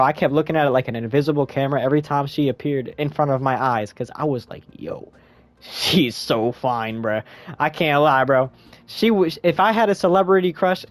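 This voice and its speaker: A young man giving a rambling, slangy spoken movie review in a casual chat style. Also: dry recording. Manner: rambling, slangy, jumps into high squeaky voice when quoting himself.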